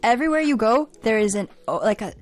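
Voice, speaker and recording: A woman's voice: on the high side, lively intonation, fast. A woman hosting a radio show from the studio, chatting frankly and giggling often. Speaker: radio host. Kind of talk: casual on-air banter. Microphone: studio microphone.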